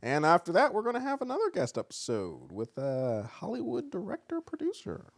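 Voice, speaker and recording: A man's voice: sits high, huge pitch swings, brisk, no echo, clean studio sound. A man co-hosting a podcast in casual chat, upbeat as he plugs upcoming episodes. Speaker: podcast co-host.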